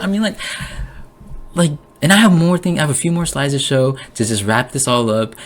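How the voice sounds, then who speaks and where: A young man talking through his theories in an excited, rambling monologue, full of restarts, swearing and sudden rises in his voice. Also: mid-range voice. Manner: emotional, voice jumps up. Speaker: conspiracy vlogger.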